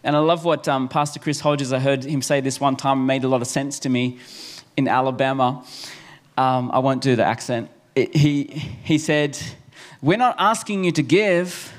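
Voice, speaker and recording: A man's voice: mid-range voice, moderate pace. A man preaching a sermon in church, earnest and repeating key phrases for emphasis. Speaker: pastor. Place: church service.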